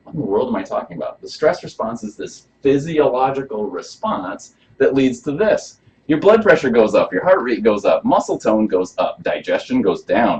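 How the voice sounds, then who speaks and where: A man with a medium-pitched, somewhat mellow voice gives a live health workshop as a chiropractor, speaking casually and quizzing the small audience in the room. The audio has a dull, lo-fi quality.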